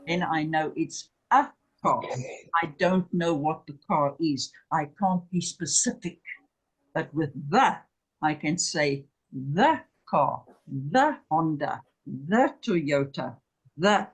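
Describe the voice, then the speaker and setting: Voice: mid-range voice, lively intonation, breathy edge, rough recording. A Hebrew teacher giving a classroom lecture, patiently repeating each word and checking that students follow. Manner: drills words by slow repetition; patient, checks understanding with "okay?" and "remember".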